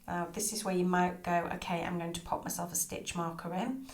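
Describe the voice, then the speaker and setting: A woman teaching crochet step by step, chatty and soft, often murmuring her stitch counts. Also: lowish voice, little pitch movement, fairly quick, a little hiss or hum. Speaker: crochet tutor. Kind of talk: step-by-step craft tutorial. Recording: echoey room.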